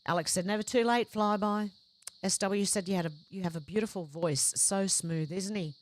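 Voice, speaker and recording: A woman's voice: mid-range voice, normal speed. A woman hosting a livestream, reading out viewers' chat comments one after another and adding short conversational reactions of her own. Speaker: livestream host.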